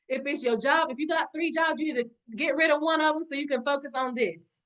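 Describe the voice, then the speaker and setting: A woman's voice: high-pitched, fairly quick, few pauses, fairly bright tone. A woman giving an impassioned motivational talk on a video call, preaching with repeated exhortations and calling her audience y'all. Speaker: motivational speaker.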